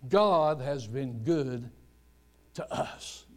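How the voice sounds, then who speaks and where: A pastor preaches in an animated, mid-range voice, telling stories throughout. He emphasizes points by drawing his words out slowly.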